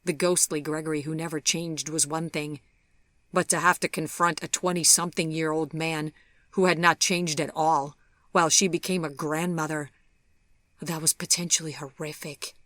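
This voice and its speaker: Woman narrator, storybook reading, low voice, slow, measured, dry close sound. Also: level tone, no echo. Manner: measured, softly dramatic, slips into whispers. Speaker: audiobook narrator.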